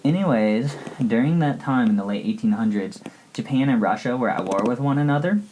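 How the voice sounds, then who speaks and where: A woman's voice: a bass voice, lively intonation, fairly quick, warm tone, a little hiss or hum, low-quality recording. A woman playing a ditzy valley-girl teen student who rambles bubbly through a comedic history report, full of "like". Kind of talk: comedic sketch lesson.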